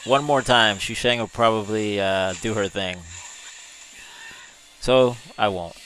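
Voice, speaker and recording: A man's voice: on the low side, fairly even intonation, takes it slowly, a bit bright, smooth, soft background music. A man hosting a livestream, chatting casually with viewers, reading their comments aloud and chuckling often. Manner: easygoing, chuckles often, drawls words. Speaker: livestream host.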